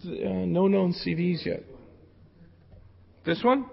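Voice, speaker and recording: A man giving a live technical talk at a conference, casual and joking with the audience, hoarse from losing his voice. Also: high voice, slow. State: losing his voice from jet lag. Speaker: security conference speaker. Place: conference hall. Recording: lo-fi hall recording with long reverb.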